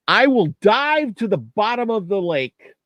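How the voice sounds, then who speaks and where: A man's voice: sits high, very animated, unhurried, fairly bright tone, no room sound, highs cut off, pitched above the performer's own voice, heavily acted. A man voicing Nana Bush, a determined male culture hero in a spoken legend, in a plain, earnest way.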